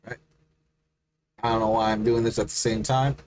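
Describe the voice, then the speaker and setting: A man streaming, making offhand, halting comments while reacting to a video. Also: on the low side, little pitch movement, darkish tone. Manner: offhand, halting, laughs along.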